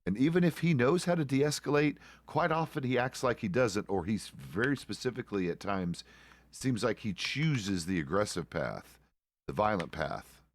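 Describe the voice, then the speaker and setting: Low-voiced middle-aged male streamer. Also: animated, normal speed, no room sound. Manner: rambling, self-correcting, casual swearing. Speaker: streamer playing a deputy. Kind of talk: casual roleplay stream chat.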